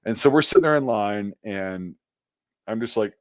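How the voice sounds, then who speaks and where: A man's voice: fairly low pitch, expressive, normal speed, no room sound. A man hosting a casual chat from home over an online call, telling a long anecdote in a rambling, profane way full of fillers. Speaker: podcast host. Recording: dull, dry lo-fi call audio.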